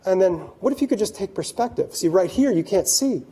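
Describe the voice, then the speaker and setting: A man's voice: sits high, expressive, brisk, mellow, low-quality recording. A man giving a keynote talk to a live audience. He speaks straight to the listeners and acts out the voices he quotes.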